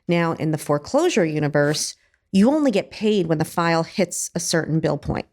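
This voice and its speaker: A woman's voice: sits low, darkish tone. A woman, a business owner talking as a guest in a casual interview, chatty and full of "like" fillers.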